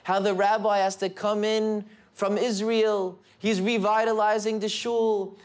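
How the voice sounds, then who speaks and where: High-voiced man telling a sermon story. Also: measured pace, few pauses. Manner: animated, building excitement. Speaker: rabbi and speaker.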